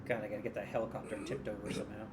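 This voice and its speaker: A man's voice: fairly low pitch, flat delivery, very fast, heavy background noise. A man streaming a survival game, chatting casually with viewers in a wry, profane, often muttered way. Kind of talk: casual gameplay commentary.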